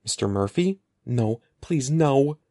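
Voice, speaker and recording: Man doing a panicky schoolboy, high and jumpy, swoops up and down, frantic and pleading. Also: lively intonation, slow, dark tone, no room sound, studio quality. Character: panicky young schoolboy chasing a hamster.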